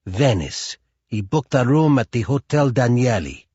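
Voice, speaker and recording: A man's voice: mid-range voice, animated, warm tone, husky, dry recording, muffled recording. A man voicing a purring German hitwoman. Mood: menacing. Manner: slow, menacing, sweetly threatening. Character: cold, cruel German female assassin, purring.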